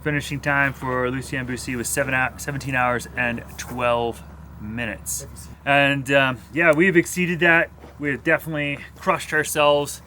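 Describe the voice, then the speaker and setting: A man cyclist in a casual vlog, steady and reassuring as he talks, with some fillers. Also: mid-range voice, normal speed, slight background noise.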